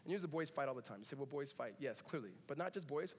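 A man's voice: medium pitch, lively intonation, rapid-fire, big-room sound. A man in his thirties preaching a sermon in a church, conversational and joking, with many asides. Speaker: pastor. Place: church sanctuary.

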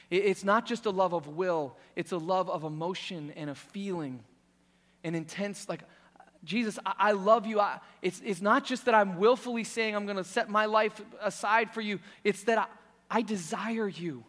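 A man preaching a sermon with passion, swinging from loud emphasis to hushed intensity. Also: sits high, big-room sound.

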